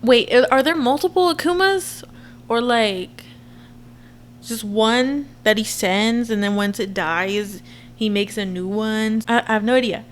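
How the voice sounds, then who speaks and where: A woman in her twenties giving a chatty, expressive reaction commentary to her viewers. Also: fairly high pitch, a little slow. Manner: chatty and expressive, frequent laughs and asides to viewers. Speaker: reaction vlogger.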